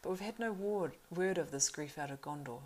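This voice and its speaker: A woman's voice: fairly low pitch, brisk, a little mellow, natural voice, rough recording. A woman voicing a proud young male horse-lord marshal in an audiobook reading, earnest and urgent. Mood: dismayed.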